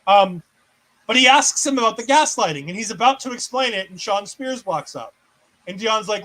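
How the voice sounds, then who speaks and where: Guy cohosting a wrestling recap, high bright voice, sarcastic, acts out the quotes. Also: animated, normal speed, low-quality recording. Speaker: co-host. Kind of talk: casual wrestling recap chat.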